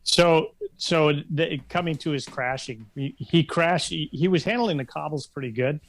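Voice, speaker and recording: A man's voice: fairly high pitch, normal speed. A man on a podcast in casual chat, plainly explaining his reasoning.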